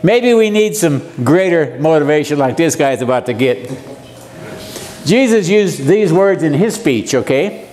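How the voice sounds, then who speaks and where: A man's voice: on the high side, lively intonation, a little slow, darkish tone. A man, giving a folksy Bible lesson and joking with the audience. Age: 70s. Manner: joking, asks the audience questions. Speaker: seminar speaker.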